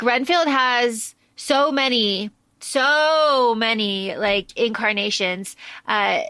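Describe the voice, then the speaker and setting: A woman hosts a casual podcast, her voice sharp and high. She tumbles through a story with plenty of fillers and restarts. The sound is dry and close to the mic. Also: no echo. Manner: animated plot retelling with many fillers. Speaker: podcast host.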